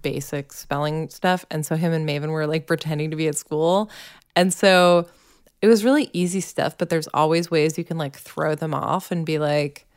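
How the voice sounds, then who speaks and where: A woman's voice: deep voice, fairly even intonation, normal speed, clean tone. A woman in her thirties co-hosting a podcast, chatting casually with lots of "like" fillers. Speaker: podcast co-host. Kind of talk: casual chat.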